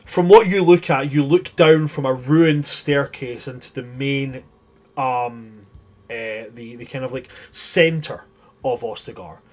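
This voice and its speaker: A man's voice: mid-range voice, slow, darkish tone. A man acting as game master, narrating a tabletop game in vivid, grisly detail, sometimes restarting his sentences.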